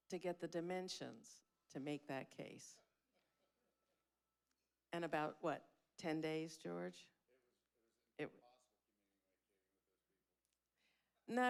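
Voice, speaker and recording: A woman with a low, creaky voice eulogizes someone at a memorial. Her words are heartfelt and emotional, delivered bluntly, with plenty of swearing.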